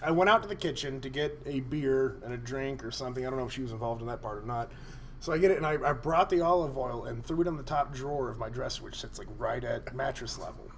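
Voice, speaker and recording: A man on a podcast telling a crude story in a rambling, animated way, laughing often. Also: mid-range voice, fast, a little hiss or hum. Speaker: podcast co-host.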